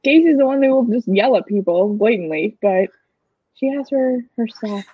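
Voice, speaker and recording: A chatty woman co-hosts a podcast in a loose, giggly way, stumbling over her words now and then. Her voice is slightly high and husky. The sound is dry and a bit dull, like a lo-fi home recording. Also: lively intonation, dry recording. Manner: chatty, giggly, halting restarts. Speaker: podcast co-host. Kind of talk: casual chat.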